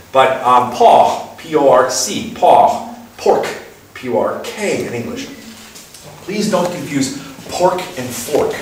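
A man with a fairly high voice delivers a playful, lively, animated lecture to an audience, asking the crowd questions and putting on voices. He's recorded from far off in an echoey room with faint noise.

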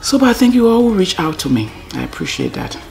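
A woman's voice: lowish voice, huge pitch swings, fast, vocal fry, a little mellow, soft background music. A middle-aged woman with a Liberian English accent, chatting casually to her camera at home, wandering off-topic and sometimes sinking to a near-whisper. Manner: rambling, talks to herself, drops to near-whispers. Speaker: vlogger.

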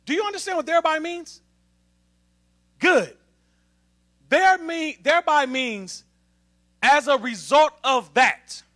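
A man preaching an emphatic sermon to a congregation, calling for responses from the pews and building up to shouting. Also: extremely high pitch, slow, long pauses. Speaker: assistant minister.

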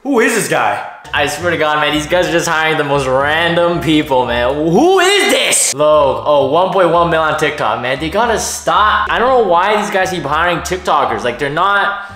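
Brief: exasperated male reactor, slightly high voice, roomy sound with music under it. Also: normal speed, sharp tone. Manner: scoffing, exasperated, frequent "man" tag. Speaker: reaction YouTuber. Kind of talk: mocking reaction commentary.

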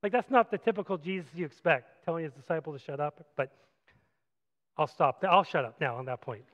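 A man preaching a sermon as pastor, animated, moving from loud acted-out quotes to quiet reflective passages. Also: on the high side, a little fast, in a large hall, muffled recording. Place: church sanctuary.

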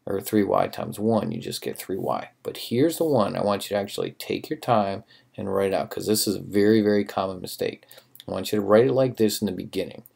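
A man with a very low, gravelly voice that has a husky edge, teaching math in a recorded lesson. He talks casually and works through each step out loud. His tone is encouraging throughout.

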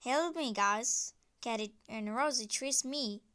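A woman telling a homemade story video and voicing its characters, speaking halting, broken English with restarts. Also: fairly high pitch, fairly bright tone, clean tone.

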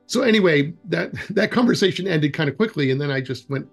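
A man's voice: on the high side, brisk, creaky, soft background music. A man being interviewed about outdoor education, telling anecdotes in a loose, rambling way and acting out the dialogue. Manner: animated, acts out quoted dialogue in anecdotes; loose and rambling, with frequent restarts. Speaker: executive director of a wilderness education program, interview guest. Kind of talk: casual interview storytelling.

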